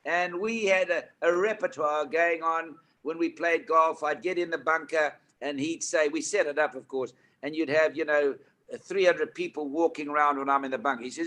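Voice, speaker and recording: An older man from South Africa spins anecdotes as a guest on a talk show. His voice is bright and forceful, pitched a little high. He tells his stories with lively, animated delivery. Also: normal speed. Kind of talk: storytelling chat.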